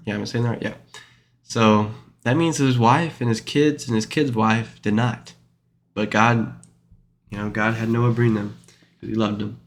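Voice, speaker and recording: A man's voice: medium pitch, fairly bright tone. A man reading scripture aloud and explaining it in an informal, rambling way, full of fillers and self-corrections. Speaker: Bible study teacher. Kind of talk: informal Bible study reading and commentary.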